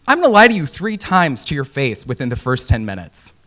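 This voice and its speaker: A man's voice: mid-range voice, big pitch swings, brisk, bright, forceful tone. A young man from Indiana giving a casual, joking conference talk with many fillers. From Indiana, USA. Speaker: conference speaker. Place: conference hall.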